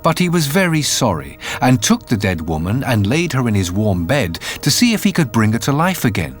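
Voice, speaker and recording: A man reading a fairy tale aloud in an expressive, measured way, with faint music behind. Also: medium pitch. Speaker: narrator. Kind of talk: storybook narration.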